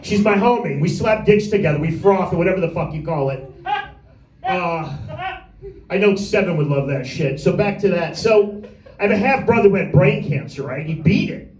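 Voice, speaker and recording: A man with a high voice doing a crude, rambling stand-up set and picking on people in the audience by name. He is recorded from a distance in an echoey little room. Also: expressive, normal speed, a little mellow. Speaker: stand-up comedian. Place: small room with a tiny audience.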